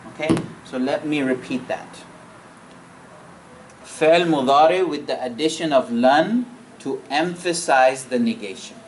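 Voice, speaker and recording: A man teaching a grammar class, repeating each point, checking in with students and reciting verses quickly. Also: mid-range voice, slight background noise, poor audio. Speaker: Arabic teacher.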